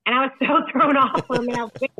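A woman's voice: high-pitched, fast talker, bright, forceful tone, breathy edge, dry recording. A young woman from Illinois, a podcast guest and author, chatting casually and saying "like" a lot. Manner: chatty, laughs often, says "like" a lot. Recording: tinny phone-like line, dry.

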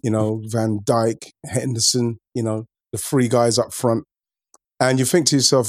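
A man's voice: medium pitch, level tone, a little slow, no room sound, studio quality. A man hosting a podcast, chatting loosely about football, repeating words and calling friends "bro". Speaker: podcast host. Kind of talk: casual football chat.

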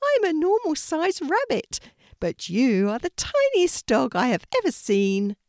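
A woman voicing a friendly, protective male white rabbit in a storybook reading, in a high, bright, excited voice. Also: unhurried, no echo, clean studio sound, full character voice. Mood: lively.

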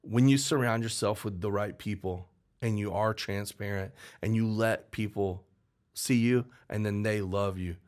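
A man with a fairly low voice tells a long story about writing a song, in a loose, rambling way. He jumps up into a higher voice whenever he acts out what someone else said. His talk is animated and full of restarts. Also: measured pace. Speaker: songwriter. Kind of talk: storytelling in a podcast interview.

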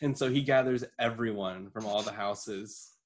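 A man co-hosting a podcast, telling a story in casual chat, swearing and breaking into laughter and yells. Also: on the low side, moderate pace. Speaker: podcast co-host.

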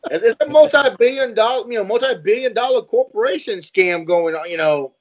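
A man's voice: very high voice, animated, fairly quick. A man in a casual chat tossing in crude joking quips. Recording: dull lo-fi audio.

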